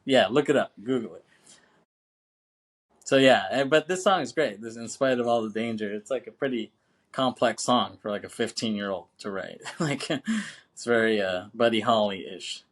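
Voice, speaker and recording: A man's voice: lowish voice, animated, normal speed. A man co-hosting a film podcast, chatting casually, laughing often, swearing freely and saying "you know what I'm saying" a lot. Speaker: podcast co-host.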